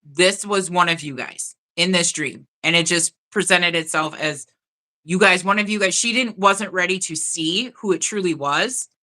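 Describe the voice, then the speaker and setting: A woman's voice: lowish voice, normal speed, bright, forceful tone. A woman hosting a spiritual live stream, talking earnestly and directly to her viewers in casual chat.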